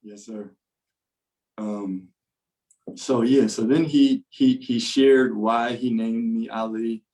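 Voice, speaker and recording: A man's voice: medium pitch, fairly even intonation, takes it slowly, mellow, poor audio. A man telling an earnest personal testimony as a podcast guest, with many fillers and restarts.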